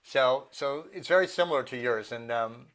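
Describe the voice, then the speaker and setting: A man's voice: mid-range voice, normal speed, fairly bright tone. A middle-aged man speaking earnestly in a casual interview, now and then acting out the voices of people he quotes. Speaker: guest, meditation teacher.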